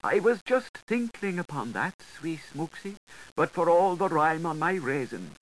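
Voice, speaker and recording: A man's voice: fairly high pitch, sing-song, measured pace, voice pushed up, rough recording. A small, servile creature that cheeps and whimpers in a thin, lifted voice, as a man reading aloud puts him on. He fawns and pleads, with his words rising and falling widely. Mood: pleading. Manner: obsequious and pleading. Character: timid fawning little male creature.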